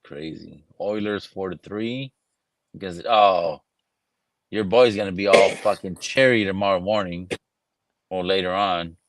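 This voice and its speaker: A man's voice: low-pitched, fairly even intonation, a little slow. A man hosting a casual livestream chat, swearing freely and laughing often. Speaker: livestream host. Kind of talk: casual chat over drinks.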